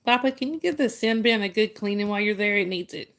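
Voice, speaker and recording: A woman's voice: medium pitch, animated, fast, fairly bright tone. A woman chats casually on her livestream, talking easily to her viewers. She calls out their names, teases a little and laughs often. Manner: chatty, laughs often, greets viewers by name. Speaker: livestream host.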